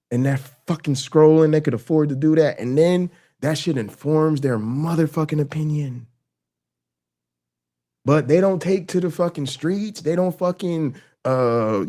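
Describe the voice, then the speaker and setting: A man hosting a live stream who rambles heatedly and swears constantly, repeating himself for emphasis. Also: sits high. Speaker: stream host and academic. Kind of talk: profane live commentary.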